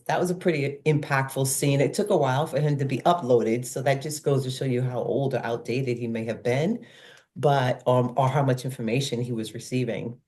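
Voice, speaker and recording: A woman's voice: very deep voice, a little mellow. Enthusiastic woman retelling film scenes. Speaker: podcast co-host. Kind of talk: casual film discussion.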